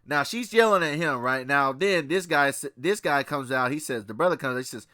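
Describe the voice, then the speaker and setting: A man's voice: a little high, expressive, a little fast, pushed and bright, dry recording, clean studio sound. A man giving a blunt, profane film commentary in a casual way, mixing in readings from scripture. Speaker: movie reviewer.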